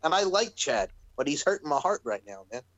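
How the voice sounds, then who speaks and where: A male podcast co-host in loose, casual chat, his voice bouncing up and down with lively pitch, a little higher than most men. He swears freely and talks with animated energy. The sound is dry and close. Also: fairly quick, no echo, rough recording.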